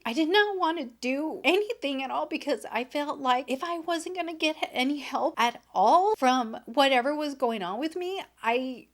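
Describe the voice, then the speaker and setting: A woman in her forties talks through her makeup routine as a beauty vlogger, her voice sitting a little on the high side. She rambles and jumps around, emotional and scatterbrained as she tells her story. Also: fairly bright tone. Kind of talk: casual makeup tutorial storytelling.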